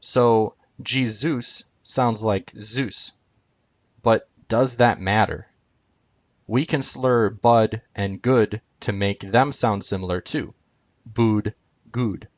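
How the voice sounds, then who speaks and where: Hesitant low-voiced man explaining a chart. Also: slow pace, dry recording. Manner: hesitant, many filler sounds. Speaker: video presenter.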